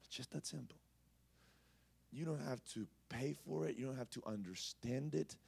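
A man's voice: mid-range voice, normal speed, vocal fry, husky. Impassioned male preacher with big swings. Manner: impassioned, swinging from loud exclamations to soft asides; conversational, with frequent "you know". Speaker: pastor. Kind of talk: sermon. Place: church service.

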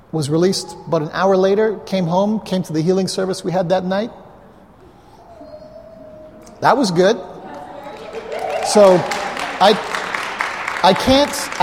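Speaking through a clip-on mic, this fairly high-voiced male pastor delivers a laid-back, anecdote-driven sermon to a live congregation, chatting and tossing asides to them. The church hall's size leaves a long, echoing reverb, and a little hiss or hum sits underneath.

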